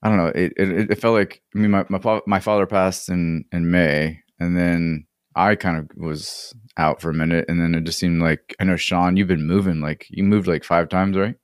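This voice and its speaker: A man hosting a relaxed podcast chat, easygoing and often repeating his first words. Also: deep voice, moderate pace, few pauses, no room sound, studio quality. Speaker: podcast host.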